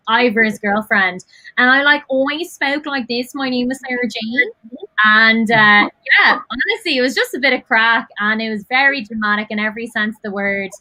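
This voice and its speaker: A young woman with a Dublin Irish accent, chatting as a guest on a video call, excitable and quick to laugh. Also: a little high. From South Dublin, Ireland. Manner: excitable, gushing, laughs often. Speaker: guest, actress. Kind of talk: casual chat on a video call.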